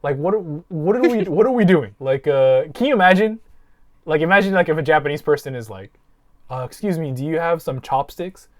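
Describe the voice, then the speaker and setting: A man's voice: a little high, lively intonation, a little fast. A man hosting a podcast, telling a long story in casual, profane chat. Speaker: podcast host.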